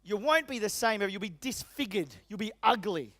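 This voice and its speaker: A middle-aged male business coach works the room with energetic, emphatic talk, firing questions straight at the audience. His voice sits high for a man and comes through dry and close, with no room echo. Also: moderate pace. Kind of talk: motivational seminar talk. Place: seminar venue.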